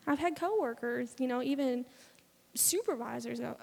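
A woman's voice: high-pitched, moderate pace, creaky, a little mellow. A woman in her twenties preaching a sermon in a fervent, conversational way, acting out little bits of dialogue. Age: 20s. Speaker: speaker giving a testimony sermon. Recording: long hall reverb.

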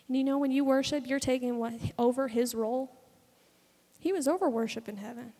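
A young woman preaching with fervent, chatty conviction, her high voice edged with a gravelly fry. Her tone is dark and mellow rather than bright. A long reverb trails behind her, as if she is in a large hall. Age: 20s. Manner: fervent, conversational preaching with acted-out dialogue. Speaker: speaker giving a testimony sermon. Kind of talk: sermon.

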